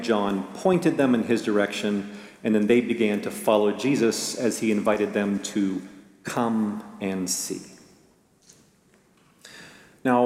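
A man pastor reading scripture and preaching a sermon in a measured, storytelling way. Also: on the low side, a little mellow. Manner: measured, storytelling delivery with a joke. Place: church sanctuary. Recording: echoey church hall.

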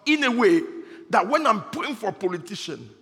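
A man preaching a sermon as pastor, rising into loud bursts and laughing between points. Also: high voice, big pitch swings, moderate pace. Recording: reverberant hall.

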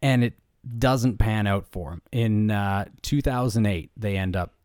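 A man with a lowish voice recaps a book for his co-host in easygoing conversation. He sprinkles in "like" and "you know" as he goes. The sound is close and dry. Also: measured pace, no room sound. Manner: relaxed storytelling with many "like" and "you know" fillers. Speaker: podcast co-host. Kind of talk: casual book review chat.

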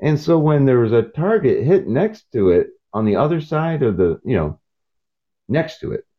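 A man's voice: medium pitch, sing-song, moderate pace. A man hosting a podcast from his truck cab while driving, telling rambling stories and acting out the voices of people in them. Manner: jumps between topics and acts out quoted voices. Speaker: podcast host. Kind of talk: rambling casual storytelling. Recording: dull lo-fi sound.

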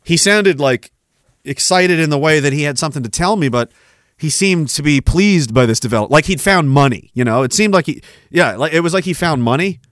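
A man's voice: fairly high pitch, lively intonation, fairly quick, fairly bright tone, no echo, clean studio sound. A man hosting a live stream, chatting casually in a rambling, profane way and laughing often. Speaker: podcast host. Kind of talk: casual livestream chat.

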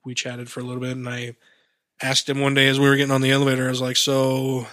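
A man in casual podcast banter, dry-humoured and quick to swear. His voice sits at a middle pitch and is recorded close and dry, with no room around it. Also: completely flat delivery, a bit bright, no echo. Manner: profane, sarcastic and joking. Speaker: podcast co-host. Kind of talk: casual chat.

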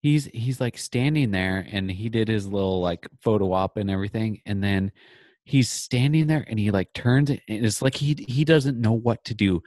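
Dry rambling low-voiced man. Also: a little mellow, dry recording. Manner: rambling, halting restarts. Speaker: podcast co-host. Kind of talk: casual chat.

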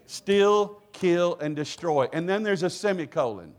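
A middle-aged man delivers a sermon as a visiting preacher in a church. His voice sits a little high and swings widely in pitch as he teases the congregation and calls for their responses. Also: expressive, a little slow. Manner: playful, call-and-response with congregation. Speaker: guest preacher. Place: church sanctuary.

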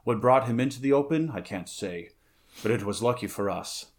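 A man's voice: medium pitch, animated, moderate pace, natural voice. A man voicing a weary, blunt barbarian warrior in a read-aloud story, grunting his lines. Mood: gruff.

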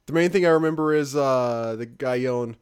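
A man's voice: medium pitch, fairly quick, clear, resonant tone. A man co-hosting a podcast in casual chat, rambling, restarting his sentences and reading out listener emails. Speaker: podcast co-host.

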